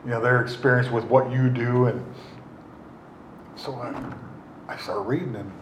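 A man's voice: medium pitch, fairly even intonation, normal speed. A middle-aged man telling his recovery story in a rambling, wry way, full of fillers and restarts. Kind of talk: casual spoken storytelling. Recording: roomy echo, faint noise.

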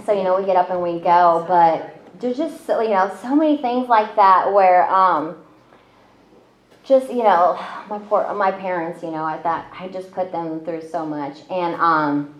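A woman with a lowish, slightly slow voice tells her own story in casual conversation, chatty and self-deprecating and full of fillers. The audio sounds roomy and a bit dull.

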